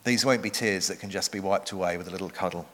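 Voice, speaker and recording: Bright-voiced preacher in a reverberant hall. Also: male voice, sits low. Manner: earnest, measured, slows for emphasis. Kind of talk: sermon.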